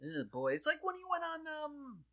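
Bright-voiced man in profane casual chat. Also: extremely high pitch, normal speed. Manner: animated, profane, rambling.

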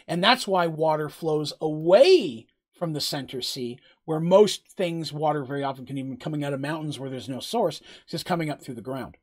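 A man running a tabletop game, rambling casually with lots of fillers and frequent laughs as he narrates and answers questions. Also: fairly high pitch. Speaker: game master.

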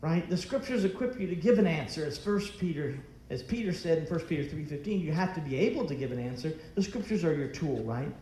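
A man's voice: a little high, expressive, a little fast, dark tone, echoey room, a little hiss or hum. A man preaching a sermon as pastor, emphatic and full of rhetorical questions.

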